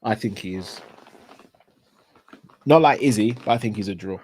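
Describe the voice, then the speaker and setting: A man's voice: on the low side, moderate pace, darkish tone, breathy edge. A man hosting a casual fight watchalong, chatty and upbeat, signing off like a show host. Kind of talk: casual fight commentary chat.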